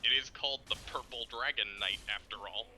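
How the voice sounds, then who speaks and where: Bright-voiced man rambling while gaming. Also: medium pitch, fairly quick, slight background noise, rough recording. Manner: rambling, profane, excitable explaining. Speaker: game streamer. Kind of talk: casual chat while gaming.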